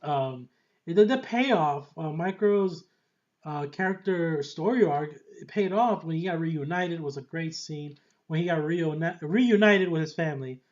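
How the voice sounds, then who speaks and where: A man casually reviewing a TV series in a rambling, excitable way, often laughing and trailing off with fillers. The recording is dull and lo-fi. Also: fairly high pitch, unhurried. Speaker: TV show reviewer.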